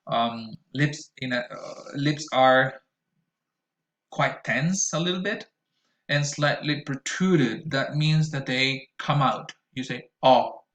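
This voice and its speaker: Man slowly modeling English vowels. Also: medium pitch, a bit bright, roomy sound, poor audio. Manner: slow, deliberate, exaggerated vowel modeling with frequent fillers. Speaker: English pronunciation teacher. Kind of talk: recorded pronunciation lesson.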